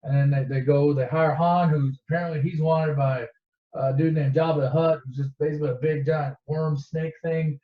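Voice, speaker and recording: A man's voice: a little high, steady tone, moderate pace. A man casually retelling a movie in a rambling, profane and sarcastic way. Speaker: storyteller. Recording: echoey dull lo-fi recording.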